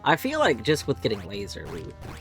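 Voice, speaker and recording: Fast and fairly bright, this mid-range voice swings hugely in pitch as a streamer narrates a live game move by move, yelping suddenly at setbacks. Soft music plays in the background.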